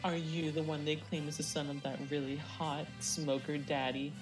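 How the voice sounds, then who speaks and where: A woman's voice: sits low, flat delivery, moderate pace, lightly acted. Woman voicing a lewd mocking villain king. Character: crude, lecherous villain king, adult man. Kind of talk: live fan voice-over of a game. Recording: distant mic, loud game music.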